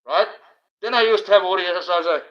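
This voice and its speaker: A man's voice: high-pitched, a little fast, a bit bright. A man, hosting a livestream and ranting in a rambling, profane monologue. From Australia. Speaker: livestream host. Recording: dull lo-fi stream audio.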